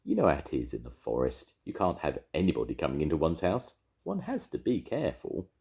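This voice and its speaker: A man's voice: rumbling low, very animated, a little fast, gravelly, a little mellow, full character voice. An older man voicing a fussy, cautious male rabbit in a storybook, prim and a little stern.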